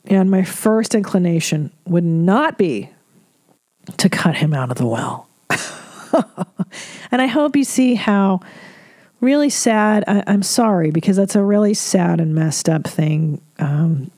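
A woman's voice: fairly low pitch, animated, takes it slowly, a little mellow, no echo, studio quality. A middle-aged woman hosting a podcast, giving candid advice on listener letters in a frank, emotional, freely swearing way.

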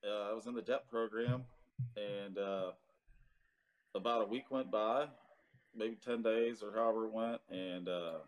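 A man's voice: lowish voice, fairly even intonation, a little slow, long pauses. A man in his thirties, a Marine veteran, telling his story in a casual interview with many fillers and some cursing.

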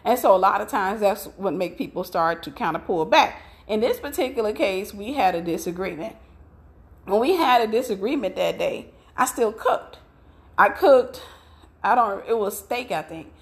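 A woman's voice: medium pitch, moderate pace. Middle-aged woman preaching, telling a story from her marriage, chatty and emphatic. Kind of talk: sermon with personal story.

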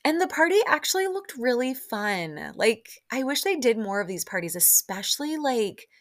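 A woman hosting a casual solo recap podcast, chatting excitedly with lots of "like" and side notes. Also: fairly high pitch, moderate pace. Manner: chatty, full of "like" and excited asides. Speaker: podcast host.

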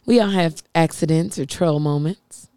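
A woman's voice: low voice, normal speed, mellow, clear, resonant tone. A woman co-hosting a podcast in a studio, teasing and easygoing, often laughing. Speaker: podcast co-host. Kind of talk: casual podcast banter.

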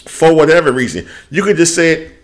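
Male podcast co-host, lively swinging pitch, cussing and ranting. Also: a little fast. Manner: profane, animated ranting; quotes people in put-on voices. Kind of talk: casual chat.

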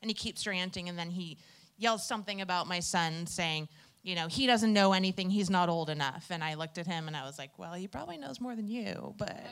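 Woman, 40s, bright tense tone, animated storyteller, group meeting. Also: fairly low pitch. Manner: animated, laughs often while telling. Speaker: campaign volunteer canvasser. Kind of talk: casual storytelling.

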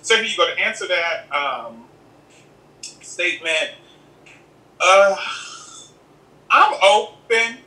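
A high, very bright male voice, sassy and lively, chatting casually as an interview guest. He sounds some way from the mic in a roomy, echoey space. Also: slow, pauses often. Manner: sassy, animated, calls the listener "girl". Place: home in Los Angeles. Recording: echoey room, distant from the mic.

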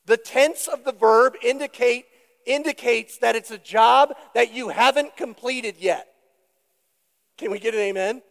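Slow, high-voiced preaching man in reverb. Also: vocal fry, fairly bright tone. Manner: deliberate, emphatic preaching with questions to the congregation. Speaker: pastor. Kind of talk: sermon.

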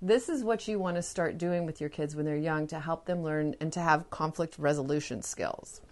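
A woman's voice: deep voice, moderate pace, a little mellow. A woman hosting a parenting podcast, explaining patiently in solo talk and acting out short lines of children and parents in her examples.

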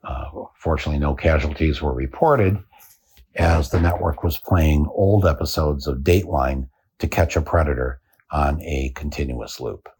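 A man hosting a podcast, delivering a satirical comic monologue in a dry, deadpan way. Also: extremely low pitch, moderate pace, slightly rough. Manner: dry, deadpan telling with chuckles. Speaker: podcast host.

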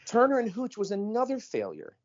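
A man co-hosting a podcast in casual chat, animated and emphatic, often cutting in. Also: high-pitched. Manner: animated, emphatic, quick to interrupt. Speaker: podcast co-host. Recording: slightly dull lo-fi audio.

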